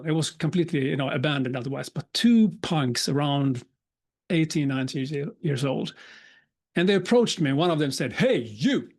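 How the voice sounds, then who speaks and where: Chatty man telling a story. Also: a little high. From Sweden. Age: 50s. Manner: chatty and humorous, with restarts and quick asides. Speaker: keynote speaker. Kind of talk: live talk, personal storytelling.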